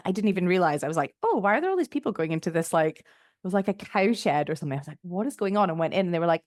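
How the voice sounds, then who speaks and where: A woman's voice: fairly low pitch, expressive, fast talker, a little mellow, no echo, clean studio sound. A woman hosting a podcast, telling a personal story in a chatty way, full of fillers and quoting her own thoughts. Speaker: podcast host.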